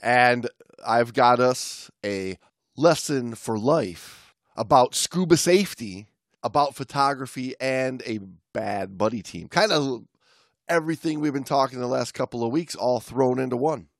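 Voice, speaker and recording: In clean studio sound with no room noise, a male podcast co-host chats casually, joking and teasing his partner. His mid-range voice is expressive and a little slow.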